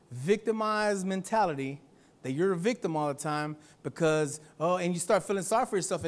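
At a church service, a male pastor with a voice on the high side preaches a sermon. He swings from loud exhortation to softer speech and calls out to the congregation for a response.

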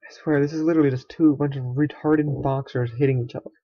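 A man's voice: medium pitch, steady tone, quick pace, no echo, muffled recording. A young man giving casual, sarcastic commentary while playing a strategy game, often swearing and muttering to himself. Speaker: gaming let's player.

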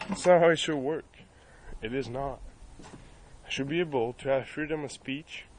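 A man's voice: mid-range voice, a little slow, a little mellow, slight background noise, rough recording. Furious swearing French Canadian man. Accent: Acadian French Canadian. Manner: furious, swearing constantly, repeating himself. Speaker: vlogger. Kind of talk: angry profane rant. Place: outdoors near his home, filming the sky. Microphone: cell phone camera.

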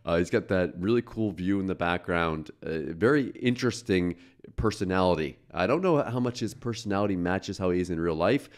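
Deep-voiced man hosting a reaction video. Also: lively intonation, a little fast. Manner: chatty, with frequent "uh" fillers. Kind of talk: casual commentary on a video.

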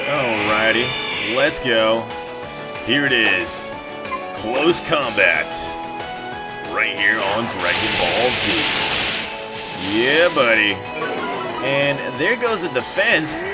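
A man giving hyped, boastful commentary over his video game playthrough, repeating catchphrases, with game music underneath. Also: medium pitch. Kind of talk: let's play commentary.

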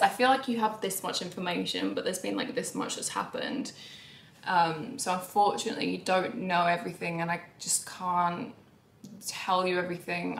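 A young woman talks straight to her viewers in a confessional vlog, her voice carrying a gravelly fry. She sounds emotional and candid, shifting from quiet, deflated phrases to louder, pleading bursts. The room around her is noticeably echoey. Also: fairly low pitch. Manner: emotional and candid, swings between soft sighs and raised outbursts. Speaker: YouTuber.

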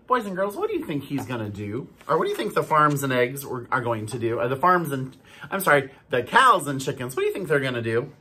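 A school staff member reading a storybook aloud to children, animated and stopping to ask them questions. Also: medium pitch, fairly quick, slightly rough. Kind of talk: storybook read-aloud for kids.

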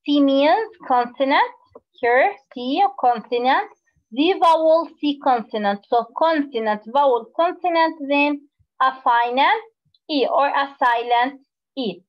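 A woman teaching a phonics lesson to young children, explaining slowly and repeating words. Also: high voice, highs cut off. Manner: slow, drawn-out teacherly explaining with repetition.

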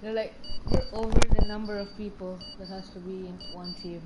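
A woman's voice: mid-range voice, steady tone, brisk, noisy background. A woman chatting and complaining while playing an online game with a friend. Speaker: co-player. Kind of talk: casual gaming chat.

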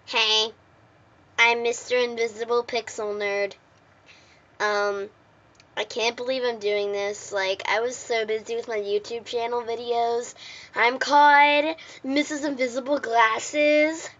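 A woman's voice: a little high, fairly even intonation, slow pace, fairly bright tone, muffled recording. A woman voicing a boastful, nerdy male video maker who keeps plugging his channel. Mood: smug. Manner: self-promoting, mock-threatening.

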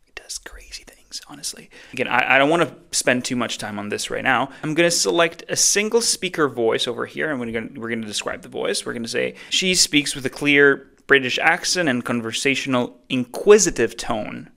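Man, tutorial host, gravelly bright tone, chatty and upbeat. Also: mid-range voice, lively intonation, brisk, hardly any pauses. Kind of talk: casual screen-recorded tutorial.

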